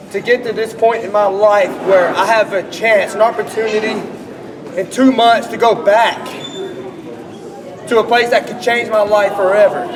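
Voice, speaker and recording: A man rehearsing a wrestling promo in a deliberate, earnest delivery. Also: high-pitched. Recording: distant mic in a reverberant hall with a crowd.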